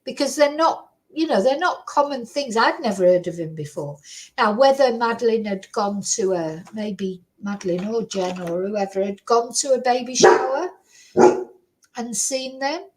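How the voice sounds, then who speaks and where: A woman's voice: fairly high pitch, animated, moderate pace, a little hiss or hum, rough recording. A woman hosting her own channel, chatting casually and rambling with many fillers and tag questions. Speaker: true crime commentary channel host. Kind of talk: casual chat to camera.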